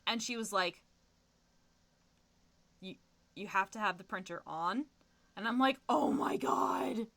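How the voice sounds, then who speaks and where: A young adult woman streamer chatting casually while gaming, telling animated stories full of fillers and laughter. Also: medium pitch, unhurried, pauses often.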